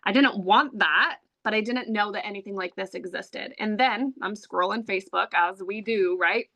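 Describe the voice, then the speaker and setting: A woman in her thirties shares her own story with a live audience in a candid, conversational way, full of "um" and "like". Her voice is bright and forward, with a gravelly rasp at the ends of phrases. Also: medium pitch, normal speed. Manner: candid, chatty, heavy with "um" and "like". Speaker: online business presenter. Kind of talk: personal story pitch to an audience.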